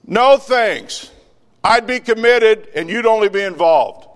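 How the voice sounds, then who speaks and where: A man voicing a smug, dismissive pig in a sermon joke, high and forceful. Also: lively intonation, slow pace, in a large hall.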